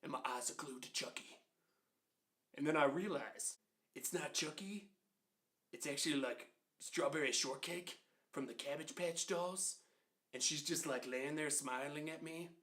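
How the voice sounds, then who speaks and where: A man in his twenties telling a comedic childhood story in an animated, conversational way, with quick asides to the listener. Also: on the high side. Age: 20s.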